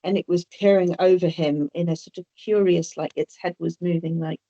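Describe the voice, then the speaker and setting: Woman, interview guest, casual storytelling, halting restarts, low-set voice, dull lo-fi sound. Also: steady tone, dark tone. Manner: hesitant, repeats and restarts words. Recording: dull lo-fi audio.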